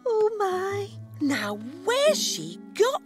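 A woman's voice: very high voice, wildly swooping pitch, extremely slow, full character voice. A woman voicing a motherly, fussy hedgehog in a cartoon, scolding the youngsters. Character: motherly fussing hedgehog washerwoman. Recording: cartoon with music behind.

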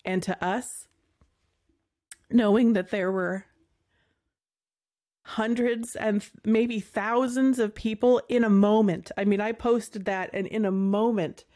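Woman, show host, heartfelt faith talk, emotional, halting, slow, mellow tone. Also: medium pitch, fairly even intonation. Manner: emotional, halting, tearful at times. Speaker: podcast host.

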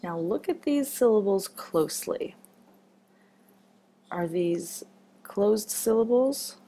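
A woman's voice: medium pitch, lively intonation, slow, warm tone, slightly rough. A woman teaching a children's phonics lesson, patient and encouraging as she marks words step by step.

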